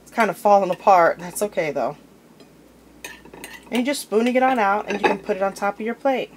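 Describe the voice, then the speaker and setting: In her home kitchen, a woman with a mid-range voice briskly chats through a cooking demonstration, handling jars and food as she talks informally. Dishes and cutlery clink occasionally over a faint hiss.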